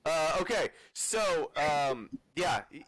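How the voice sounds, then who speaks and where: A man's voice: on the high side, big pitch swings, slow pace, over a noisy crowd. A man running a tabletop game as game master, laughing often and talking with many fillers and restarts.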